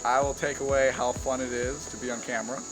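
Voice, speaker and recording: A man's voice: mid-range voice, flat delivery, quick pace, poor audio. A man answering interview questions about his role in a modest, self-deprecating way. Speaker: cast member playing Tom. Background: background music.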